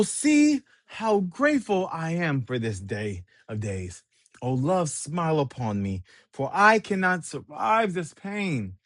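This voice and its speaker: A man's voice: fairly high pitch, dry recording, studio quality. A man voicing a lovesick young male cook, reading his dramatic declaration aloud.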